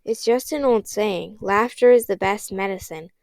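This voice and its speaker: Woman reading nervous bookish boy, hesitant, worried, smooth clear voice, dry storybook read. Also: medium pitch, normal speed, darkish tone, dry recording, lightly acted.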